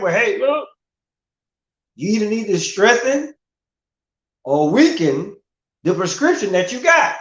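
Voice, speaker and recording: High-voiced profane middle-aged man ranting. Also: a bit bright. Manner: profane, emphatic, full of rhetorical questions. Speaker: livestream host. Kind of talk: casual rant. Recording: roomy, dull lo-fi sound.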